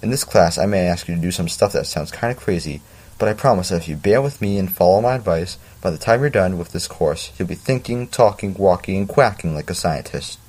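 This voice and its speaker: A man voicing a small, energetic male science teacher in a put-on Southern drawl, theatrical and grinning. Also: deep voice, fairly quick. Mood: rousing.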